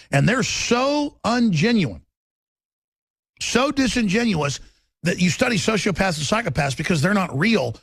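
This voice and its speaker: Brief: gravelly male talk radio host, forceful monologue, sharply shifting pace. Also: high-pitched, big pitch swings, a little slow, no echo. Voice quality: raspy.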